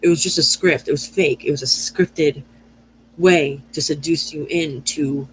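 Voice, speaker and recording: A woman's voice: low voice, slight background noise, rough recording. Rambling, profane woman giving an astrology reading. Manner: rambling, profane, self-correcting. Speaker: astrology and tarot reader. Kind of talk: channeled astrology reading to camera.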